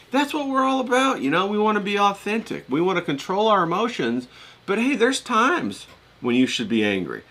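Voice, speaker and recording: A man's voice: fairly high pitch, bright, forceful tone. A man talking casually in a vlog, rambling with lots of fillers and folksy turns of phrase. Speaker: vlogger.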